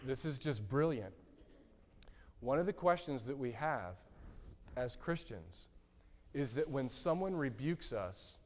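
Earnest male preacher in reverberant hall. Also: medium pitch. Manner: earnest, repeats words, gentle emphasis. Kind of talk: sermon.

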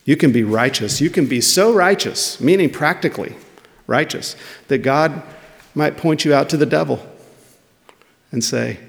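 A man's voice: fairly high pitch, normal speed, vocal fry, long pauses. A man preaching a sermon in a conversational way, putting questions to his listeners. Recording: long reverb of a large hall.

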